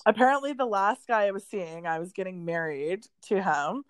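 A woman's voice: medium pitch, normal speed, no echo. Chatty young woman telling a story. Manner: animated storytelling with frequent "like" and laughter. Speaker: podcast co-host. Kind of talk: casual podcast chat.

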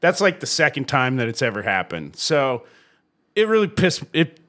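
Man, casual podcast chat, animated storyteller, swears a lot, lively pitch, bright voice. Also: moderate pace. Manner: laughs often. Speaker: podcast co-host.

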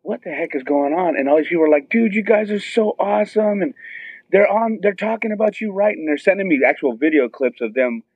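A middle-aged man excitedly telling a long story and acting out what everyone said, heard over a phone line. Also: on the high side, quick pace, husky, no echo. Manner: excited, tells it with many quoted voices. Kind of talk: animated storytelling on a phone call. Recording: tinny phone line, dry.

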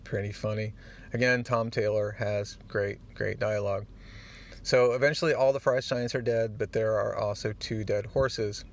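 A man hosting a podcast, retelling a comic book in a casual, animated way and getting choked up at the moving parts. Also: fairly low pitch, moderate pace, gravelly. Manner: animated storyteller, acts out the dialogue; easily moved, gets choked up. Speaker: podcast host.

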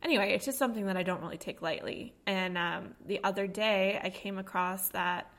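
A woman's voice: mid-range voice, fairly quick, a bit bright. A woman co-hosting a casual podcast, chatting loosely with lots of fillers and a morning voice. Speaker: podcast co-host. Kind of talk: casual chat. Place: home studio at a kitchen table.

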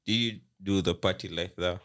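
A young man with a very low voice takes part in a relaxed podcast conversation. He asks curious questions and fills his pauses with hesitant ums and likes. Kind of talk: casual chat.

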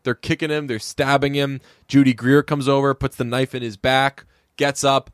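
A man in relaxed podcast chat about a film, sarcastic and animated as he retells scenes. His voice sits in a middle pitch, close and dry on the mic. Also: moderate pace, clear, resonant tone, dry recording. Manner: sarcastic, animated storyteller with shouted quoted voices. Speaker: podcast co-host. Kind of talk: casual movie-review chat.

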